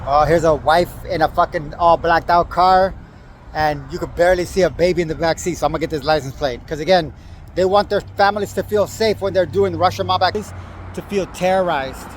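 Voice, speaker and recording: A tired man giving profane, confrontational street commentary while filming cars and slowly reading out their plates on a phone camera. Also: a little high, a little hiss or hum.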